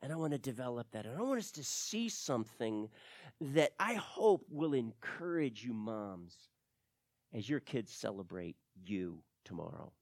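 A man preaching a sermon as pastor, reading scripture aloud with emphatic stresses and soft drops. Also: medium pitch, very animated, measured pace, no room sound, clean studio sound.

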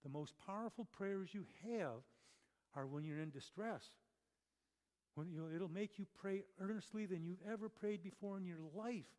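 A man's voice: high voice, moderate pace, darkish tone. A man preaching a conversational sermon, chatty and full of rhetorical questions and self-corrections. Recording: long reverb of a large hall.

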